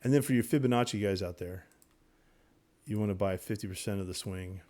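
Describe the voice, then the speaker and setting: A man teaching day trading over his charts in a casual, excitable way, repeating himself and talking straight to viewers. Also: lowish voice, a little fast. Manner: excitable, repetitive, talks to viewers directly. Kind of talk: casual screen-share trading lesson.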